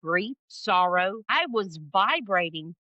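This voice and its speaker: Bright-voiced woman telling a story with emphasis. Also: medium pitch, takes it slowly, no echo, muffled recording. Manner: expressive, acts out quoted voices, emphatic repetition. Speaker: podcast guest, spiritual guide. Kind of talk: animated storytelling in conversation.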